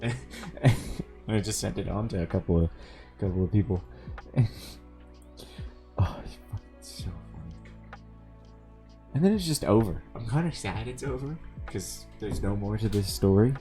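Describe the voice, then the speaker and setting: A male streamer with a low, dark voice tells a story while playing a game. He talks casually, swears freely, and stays sardonic and amused throughout. Quiet game music plays underneath.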